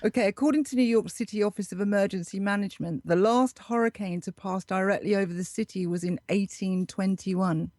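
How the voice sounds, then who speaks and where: A woman's voice: mid-range voice, steady tone, a little fast, hardly any pauses, darkish tone, no echo, clean studio sound. A woman who is the show's correspondent, hosting a casual podcast segment and reading quirky facts aloud in an upbeat way. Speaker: show correspondent.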